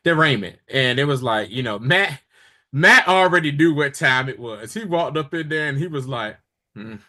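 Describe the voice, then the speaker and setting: At normal speed and in a mid-range voice, a man co-hosting a podcast casually recaps a TV episode. He's animated and voices the characters' lines throughout the retelling.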